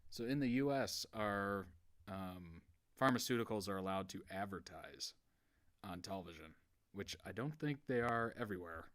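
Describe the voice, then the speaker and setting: A man's voice: deep voice, normal speed, fairly bright tone. A man hosting a reaction video, casually explaining background and laughing along. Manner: easygoing, laughs while explaining.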